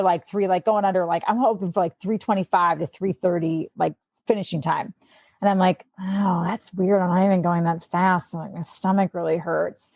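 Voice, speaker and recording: A woman's voice: lowish voice, no echo. Chatty woman telling a story. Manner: chatty, fills speech with "like"; animated, acts out quotes. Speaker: sports anchor guest. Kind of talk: casual storytelling.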